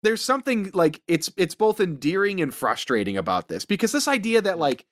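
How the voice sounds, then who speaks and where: A man co-hosting a comedy podcast, talking in a casual, animated way and breaking into silly voices. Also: high voice, a little fast. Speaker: podcast co-host.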